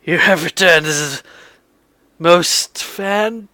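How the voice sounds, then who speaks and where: An excitable, fussy little creature, as a man puts him on for a tabletop game, talking in a hurried rush. The voice sits fairly high and sounds dry and close. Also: no room sound, full character voice.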